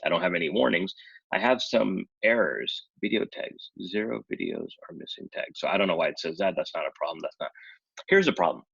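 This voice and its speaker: A man's voice: deep voice, a bit bright, slightly rough, no room sound, highs cut off. A man chatting casually in a rambling, self-correcting way as he talks through his own screen-share vlog. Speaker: YouTuber talking about affiliate marketing.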